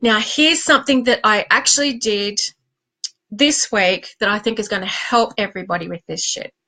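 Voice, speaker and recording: A woman's voice: medium pitch, normal speed, low-quality recording. An Australian woman in her late forties, a life coach talking candidly and animatedly to camera in a vlog, mocking herself as she goes. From Queensland, Australia. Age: 40s. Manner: animated, confiding, self-mocking.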